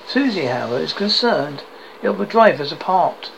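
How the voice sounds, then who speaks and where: A man's voice: fairly high pitch, very animated, normal speed, gravelly, a little hiss or hum, low-quality recording. A man reading the lines of a worried young man who plays his troubles down, in a storybook reading. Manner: plays things down.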